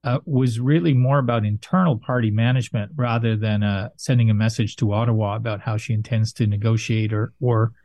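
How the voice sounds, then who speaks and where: A man giving casual political commentary as an analyst, speaking in a measured, thoughtful way with frequent fillers. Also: on the low side, steady tone, darkish tone, no room sound.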